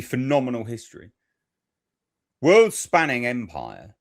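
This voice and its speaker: A man's voice: mid-range voice, big pitch swings, normal speed, no echo, studio quality. A man hosting political commentary, reacting to a clip with heated, profane ranting.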